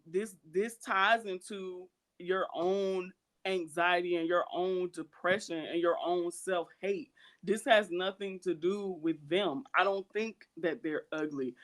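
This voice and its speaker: A woman's voice: lowish voice, slow pace. A woman co-hosting a podcast, talking candidly in an earnest, emphatic way and repeating her points for stress. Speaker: podcast co-host. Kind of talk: candid casual podcast chat.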